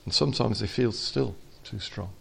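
A man preaching an informal sermon to a small fellowship, swinging from quiet asides to loud exhortation. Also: lowish voice, moderate pace, creaky, slightly rough.

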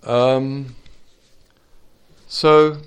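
A man preaching an informal sermon to a small fellowship, swinging from quiet asides to loud exhortation. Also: medium pitch, steady tone, drawn-out words, smooth.

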